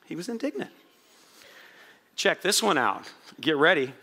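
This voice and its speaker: A man preaching a sermon to a congregation, swinging from quiet asides to loud, impassioned moments. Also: a little high, a little slow, breathy edge. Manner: animated, swings from quiet asides to shouted prayers. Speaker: pastor.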